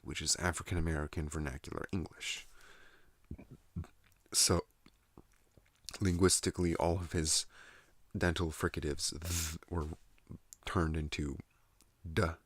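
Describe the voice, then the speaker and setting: Slow, deep-voiced man rambling softly. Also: dry recording. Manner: soothing, unhurried monologue. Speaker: ASMR channel host. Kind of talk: soft-spoken ASMR ramble. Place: at home in a trailer.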